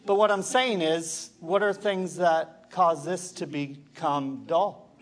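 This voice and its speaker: A man's voice: fairly high pitch, fairly even intonation, slow pace. A male pastor giving an impassioned sermon, asking the congregation rhetorical questions. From Canada.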